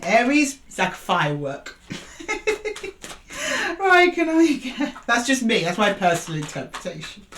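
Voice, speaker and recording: A woman's voice: medium pitch, sing-song, normal speed, hardly any pauses, fairly bright tone, slight background noise. A woman giving a casual tarot reading, chatty and coaxing as she calls for cards and talks to her viewers. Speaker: tarot reader.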